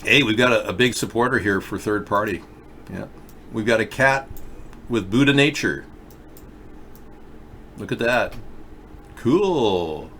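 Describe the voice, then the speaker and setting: A man's voice: fairly low pitch, expressive, measured pace, pauses often, bright, forceful tone, a little hiss or hum. A man hosting a live political video chat show, talking emphatically and directly to viewers while wearing a mouth guard. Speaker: political talk show host.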